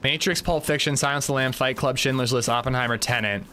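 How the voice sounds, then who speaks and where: A man's voice: medium pitch, quick pace, bright, forceful tone, slight background noise. A man streaming a video game live, chatting casually and bluntly to his viewers, rambling with swearing and restarts. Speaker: gaming livestreamer. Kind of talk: casual live gameplay chat.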